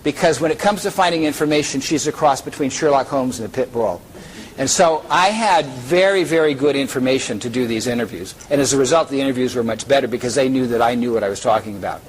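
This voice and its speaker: A man's voice: mid-range voice, quick pace, a little hiss or hum, poor audio. Joking keynote speaker, man. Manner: lively, joking, pulls audience members on stage. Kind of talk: conference keynote with audience role-play.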